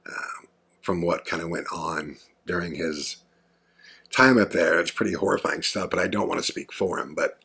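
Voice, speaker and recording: A low-pitched man speaks at a moderate pace, his voice creaky, husky, pushed and bright. He's a podcast host telling a story in a casual monologue, rambling and earnest, full of fillers.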